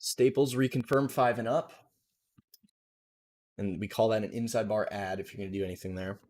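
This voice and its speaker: Man, young adult, somewhat low voice, casual live trading commentary, thinking aloud, desk mic. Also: moderate pace. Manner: relaxed, jargon-heavy, thinking aloud. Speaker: trading livestream host.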